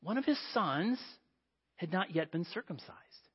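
A man preaching a sermon to a congregation, telling a story with animated delivery and acting out the quoted voices. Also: sits high, measured pace, breathy edge. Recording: dull lo-fi.

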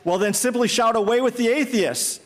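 A preacher voicing a blustering Roman proconsul. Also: male voice, fairly high pitch, normal speed, natural voice. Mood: demanding. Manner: demanding, blustering threats. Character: stern, anxious Roman proconsul, male. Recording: long hall reverb.

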